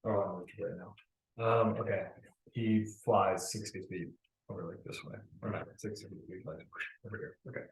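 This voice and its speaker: A man playing a tabletop game, talking casually and quickly while he tracks numbers. His voice sits low. The room around him sounds echoey. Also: fairly even intonation. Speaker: player.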